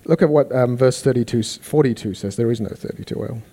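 A man preaching a sermon, animated, acting out the people he quotes. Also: medium pitch, brisk. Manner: animated, acts out quoted voices.

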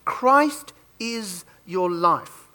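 A man's voice: high-pitched, extremely slow. A man preaching a sermon, joking and telling personal stories as he makes his point. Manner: animated, joking storyteller.

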